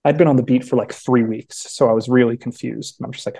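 A young man chats as a podcast guest, spinning long stories and slipping into quoted voices. His tone is mellow and warm, and his pitch sits in a middle range. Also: steady tone, fast talker, gravelly, few pauses, breathy edge. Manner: chatty storyteller, frequent restarts and acted-out quotes. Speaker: podcast guest, sports beat writer. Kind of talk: casual chat.

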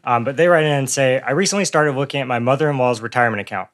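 A male co-host reads a listener's letter aloud on a casual podcast. His voice is partly gone, and his delivery is relaxed. He speaks at a medium pitch. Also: rapid-fire. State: partly lost voice. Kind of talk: casual finance podcast chat.

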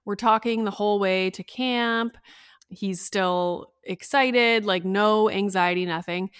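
A woman's voice: medium pitch, slow, clear, resonant tone, dry recording. A woman in her thirties talks through her own story on a solo podcast, recorded at home. She keeps saying "like" and slips into the voices of the people she quotes. The sound is close and dry. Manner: chatty, peppered with "like", acts out quoted voices. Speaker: podcast host.

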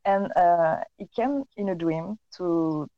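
A woman from France with a French accent, a native French speaker, answering interview questions haltingly and searching for words. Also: on the low side, no echo, lo-fi sound. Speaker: guest.

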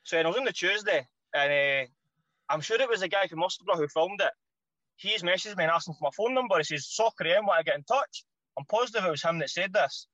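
A man with a Scottish accent, a former footballer telling stories as a podcast guest in an animated, slangy way, swearing freely. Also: high voice, quick pace, no room sound, highs cut off. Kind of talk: casual anecdote telling.

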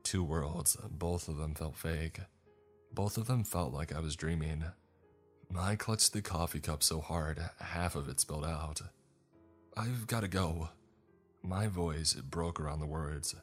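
Very deep male horror narrator. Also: a little slow, faint music behind. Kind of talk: scripted horror story narration.

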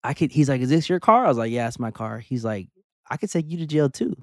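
A man's voice: mid-range voice, fast talker, no room sound. Young guy on a podcast mic, dry close sound, acts out every line, lots of "like". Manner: animated storyteller, acts out dialogue, curses, says "like" a lot. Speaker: podcast co-host. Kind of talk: casual storytelling chat.

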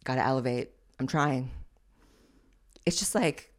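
A woman's voice: lowish voice, normal speed. A young adult woman hosting a podcast, giving blunt, crude and sassy commentary on social media clips. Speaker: podcast host.

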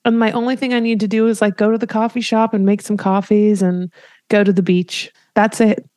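A woman's voice: medium pitch, level tone, fairly quick, mellow, no echo, studio quality. A woman co-hosting a podcast, talking openly and confessionally in casual chat. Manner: open, confessional, lots of "like" fillers. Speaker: podcast co-host.

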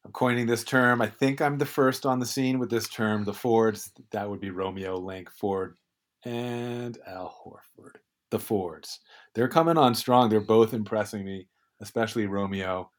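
A man co-hosting a casual sports podcast, talking in a loose, rambling way full of restarts. His voice sits on the low side. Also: steady tone, moderate pace. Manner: chatty, rambling with many restarts and hedges. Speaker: podcast co-host.

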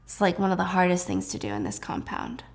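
A woman's voice: fairly low pitch, very animated, fast, gravelly, exaggerated voice. A woman voicing a down-to-earth young wife who speaks casually and frankly.

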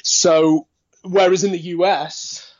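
A man's voice: high voice, flat delivery, takes it slowly. Man, light liverpool accent, podcast guest, rambling, lots of fillers, muffled audio. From Liverpool, England. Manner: thoughtful, rambling, many fillers and restarts. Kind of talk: casual interview chat.

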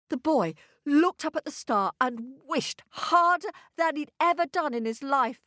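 A woman narrating a children's story, reading slowly and expressively. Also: high voice, a bit bright, no echo, studio quality.

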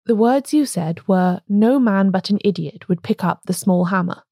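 A woman's voice: medium pitch, normal speed, warm tone, no echo, studio quality, natural voice. A woman reading a storybook voicing an agitated, stammering male curate. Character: nervous excited male curate, feverish.

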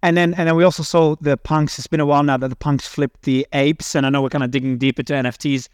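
A man hosting a live audio panel, excitable and teasing, who often restarts his sentences. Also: on the high side, fast, clear, resonant tone, no room sound, studio quality. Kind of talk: casual panel talk.

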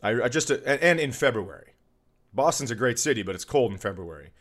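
A man hosting a podcast, telling a crude, animated story about a rough comedy show and mocking hecklers in put-on voices. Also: mid-range voice, brisk. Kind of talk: casual storytelling chat.

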